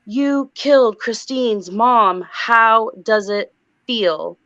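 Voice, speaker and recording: A woman voicing a possessed mother who screams slow, demonic accusations. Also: fairly high pitch, fairly bright tone, no echo, full character voice. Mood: accusing. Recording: dull lo-fi sound.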